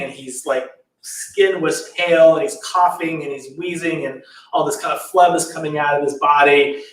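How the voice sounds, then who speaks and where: A man's voice: a little high, a bit bright, recorded from a distance. A man telling a spiritual story in a loose, chatty way, in a temple hall.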